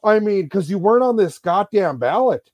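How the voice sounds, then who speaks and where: A man's voice: high voice, expressive, normal speed, darkish tone, no echo. Ranting, swearing man on a podcast. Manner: angry, sweary, mocking impressions. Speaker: podcast co-host. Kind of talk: profane ranting podcast chat.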